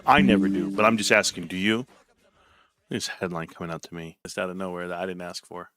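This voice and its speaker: Man from California, ranting streamer, bright tense voice, dry close sound. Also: low voice, a little fast, dry recording, faint music behind. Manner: animated, swearing, sarcastic. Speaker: stock market streamer. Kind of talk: casual ranting livestream.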